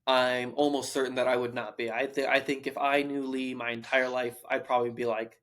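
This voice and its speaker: A young man co-hosting a casual book podcast, thinking out loud with many fillers and restarts. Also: medium pitch, little pitch movement, fairly quick. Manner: rambling, stream of consciousness, many fillers and restarts. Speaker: podcast co-host.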